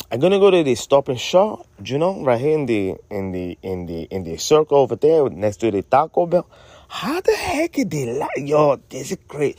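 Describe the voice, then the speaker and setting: A man's voice: mid-range voice, a little mellow, no echo. A man co-hosting a podcast, telling a story in casual, joking banter and repeating names as he goes. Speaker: podcast co-host.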